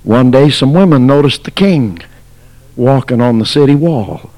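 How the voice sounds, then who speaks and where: A man preaching a sermon as pastor, telling a story dramatically, swinging from shouts to near whispers. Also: mid-range voice, animated, measured pace. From United States.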